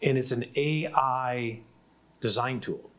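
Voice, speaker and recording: Animated storytelling male moderator. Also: medium pitch, slow. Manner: animated storyteller who acts out what others said. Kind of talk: casual panel discussion.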